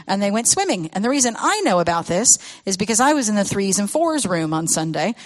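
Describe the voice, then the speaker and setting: A woman's voice: mid-range voice, expressive, fairly quick, hardly any pauses. A woman giving a storytelling talk to parents as a children's ministry speaker, acting out the voices she quotes and laughing often.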